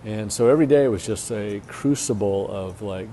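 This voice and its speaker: Low, mellow-voiced man telling stories. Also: animated, moderate pace, a little hiss or hum. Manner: candid, frank storytelling with many fillers. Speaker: pastor and church planter speaking at a conference. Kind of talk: conference talk with personal storytelling.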